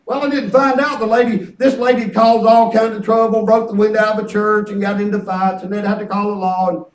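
Male pastor, folksy preaching, very high voice, distant mic, roomy church echo. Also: fairly quick. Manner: folksy, animated, peppered with "praise God". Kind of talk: sermon storytelling. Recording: echoey church from far off.

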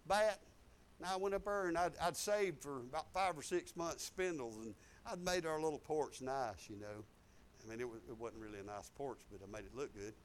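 A man, a preacher telling his own story in a folksy way that swings between loud and soft. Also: a little high. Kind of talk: preaching testimony.

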